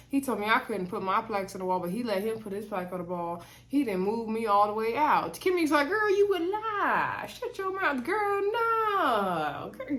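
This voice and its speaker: A woman giving a casual, chatty recap of a reality show, colloquial and conversational, adding little asides to her listeners. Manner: retells scenes, mimicking cast members in higher pitch; chatty, colloquial, sprinkles "okay?" and "girl".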